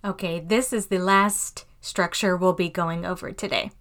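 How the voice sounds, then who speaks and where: A woman hosting a podcast English lesson, reading example phrases slowly and clearly. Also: lowish voice, fairly even intonation, fairly bright tone. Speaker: English teacher and podcast host.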